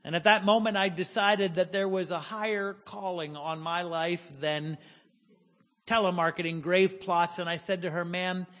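A man in his forties, a pastor preaching a sermon, telling a personal story with humor and slowing down for emphasis. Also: sits high, fairly even intonation, a bit bright, in a large hall. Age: 40s.

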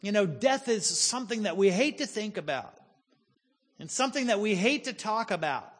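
A man in his forties, a pastor preaching a sermon, telling a personal story with humor and slowing down for emphasis. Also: high voice, expressive, a bit bright, breathy edge, big-room sound. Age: 40s.

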